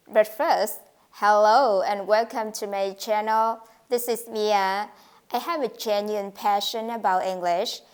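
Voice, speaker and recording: A woman's voice: mid-range voice, a little mellow. A woman teaching an English pronunciation lesson, speaking carefully and modeling intonation with example sentences.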